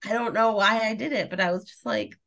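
A woman with a medium-pitched voice talks at a quick pace while co-hosting a podcast. Her casual chat is full of animated stories and frequent laughter.

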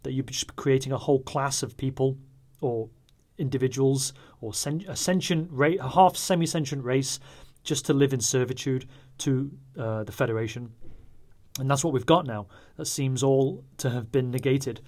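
A man's voice: mid-range voice, normal speed, a little mellow. A man giving a casual solo review, rambling and wry, often stopping to correct himself. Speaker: podcast reviewer.

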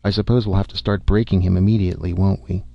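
A man's voice: sits low, level tone, fast talker, creaky, no room sound. A man voicing a blunt, matter-of-fact male government aide, on a dull, dry recording.

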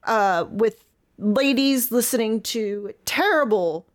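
A woman's voice: a little high, slow, pitched below the performer's own voice. A woman playing an eccentric, rambling sheep farmer in a put-on pirate-like English accent, improvising a comedy sketch. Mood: folksy. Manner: rambling, folksy, trailing off mid-sentence.

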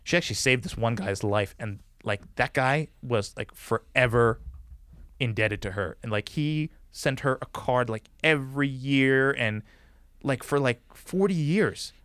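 A man in a casual podcast chat, telling a long personal story. His voice is smooth and resonant, recorded close and dry with no room sound, and his talk is loose, full of "like" and "you know". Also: mid-range voice, a little slow, a bit bright, no echo. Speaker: guest.

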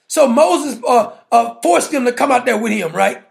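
A man's voice: very high-pitched, animated, a little fast, vocal fry, few pauses. A man preaching a sermon in a colloquial, playful way, firing rhetorical questions and laughing with the congregation.

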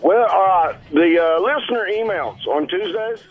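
A man's voice: high-pitched, expressive, unhurried, phone-quality sound. A man calling in to a radio show, friendly and a bit hesitant, with plenty of fillers. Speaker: caller. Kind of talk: phone-in chat.

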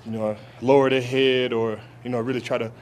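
Man, football player, press scrum answers, halting speech, lots of restarts, outdoor camp, faint background noise. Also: mid-range voice, level tone, darkish tone. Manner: halting, many restarts and fillers.

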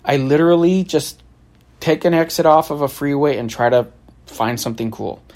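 A man's voice: on the high side, normal speed. A man telling a story from his travels in a casual, wry way, often laughing and acting out the back-and-forth. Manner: laughs often, animated storytelling with quoted exchanges; sarcastic, wry.

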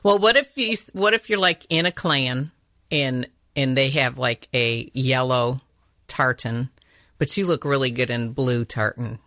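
A woman's voice: rumbling low, measured pace, fairly bright tone, no room sound, studio quality. A middle-aged woman hosting an interview podcast, playful and chatty, laughing often. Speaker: podcast host. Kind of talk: casual interview chat.

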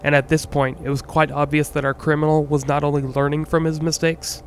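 A man hosting a podcast, reading a scripted true-crime story in a measured, earnest way with the odd wry aside. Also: fairly high pitch, flat delivery, slight background noise. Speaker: podcast host.

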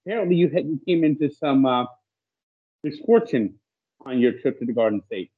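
A man's voice: medium pitch, animated, a little fast, husky. A man co-hosting a casual podcast chat and teasingly asking a co-host about a trip. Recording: tinny phone-like line.

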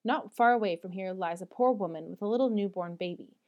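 A woman reading aloud voices a gentle, persuasive middle-aged mother speaking to her daughters. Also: medium pitch, brisk, highs cut off, close to an everyday voice. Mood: tender.

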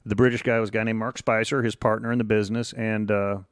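Relaxed man telling long anecdotes. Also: fairly low pitch, fast talker, clear, resonant tone, no echo, clean studio sound. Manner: relaxed, rambling anecdotes with quoted voices. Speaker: guest. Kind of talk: casual interview storytelling.

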